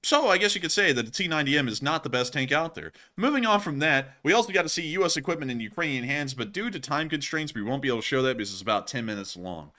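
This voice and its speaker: A young man hosting a casual war news commentary, animated and jokey. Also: fairly high pitch, quick pace, hardly any pauses. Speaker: host.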